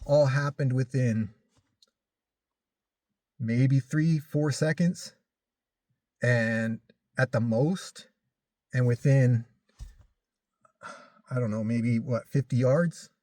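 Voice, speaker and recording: A man casually recounting a personal story in halting speech, full of restarts and fillers. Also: medium pitch, steady tone, dark tone, no echo, studio quality. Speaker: vlogger recounting a crash.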